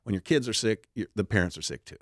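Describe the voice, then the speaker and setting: A man with a low voice tells stories as an interview guest, full of fillers and restarts. His voice sits close and dry, with no room sound around it. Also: expressive, quick pace, no room sound. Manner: warm anecdotal telling with many fillers and restarts. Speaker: author and therapy dog charity founder.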